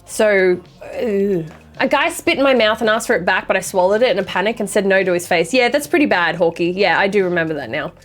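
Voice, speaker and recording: A young adult woman streamer chatting casually with her viewers, swearing freely and apologizing quickly. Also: medium pitch, animated, faint music behind. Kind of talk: casual chat reading viewer messages.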